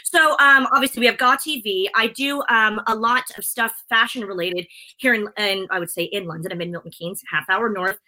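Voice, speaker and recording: A woman's voice: mid-range voice, brisk, bright, forceful tone, rough recording. A middle-aged woman, a presenter, chatting as an interview guest in a bubbly, chatty way. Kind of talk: casual interview chat.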